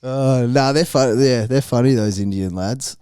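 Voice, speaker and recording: A man's voice: medium pitch, normal speed, warm tone, smooth. A young man co-hosting a podcast in laid-back, sweary casual chat. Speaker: podcast co-host.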